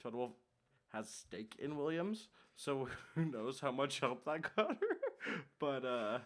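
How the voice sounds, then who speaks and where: A young man co-hosting a casual podcast, chatty and quick to laugh, with lots of fillers. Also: mid-range voice, very animated. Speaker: podcast co-host. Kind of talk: casual chat.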